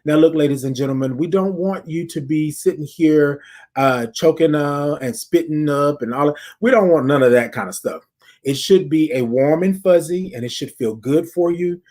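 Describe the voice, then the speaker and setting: A man hosts a casual podcast check-in and counts his listeners through breathing exercises. He speaks in a slightly higher register than most men. His delivery is upbeat and direct, full of repeated phrases aimed at the audience. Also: normal speed, a little mellow. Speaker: podcast host.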